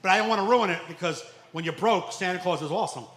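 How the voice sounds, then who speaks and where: A stand-up comedian, telling stories loudly on a club stage, acting out quotes and shouting punchlines. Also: male voice, high-pitched, fast talker. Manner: loud storytelling with acted quotes, shouting punchlines. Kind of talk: stand-up set. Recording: echoey club room, faint noise.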